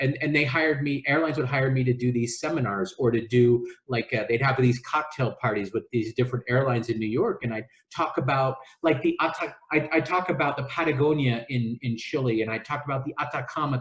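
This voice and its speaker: A man's voice: mid-range voice, a little fast, few pauses, fairly bright tone. A middle-aged man, a travel agency owner and podcast guest, telling stories in a casual interview, rambling with many restarts and fillers. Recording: echoey room.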